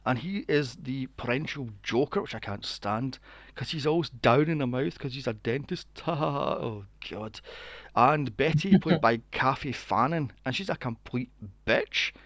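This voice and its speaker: A man co-hosting a podcast, recapping a film in casual chat, animated and swearing freely. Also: mid-range voice, unhurried, dry recording. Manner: animated, swears freely, acts out quotes in a mocking voice. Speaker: podcast co-host.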